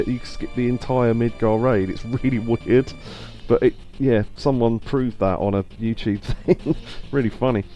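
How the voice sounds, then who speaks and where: Chatty, mellow-voiced male streamer. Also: medium pitch. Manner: chatty, rambling, quick laughs. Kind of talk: live let's play commentary.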